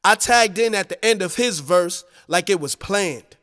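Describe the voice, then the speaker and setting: Slow, high-voiced man narrating an audiobook. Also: animated, fairly bright tone, big-room sound. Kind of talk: first-person audiobook narration.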